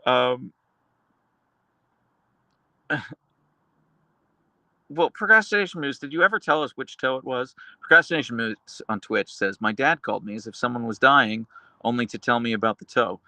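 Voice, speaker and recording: A man hosting a live stream, reading chat aloud and answering with dark, deadpan humor and frequent laughs. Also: mid-range voice, moderate pace, long pauses, dry recording. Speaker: livestream host reading chat.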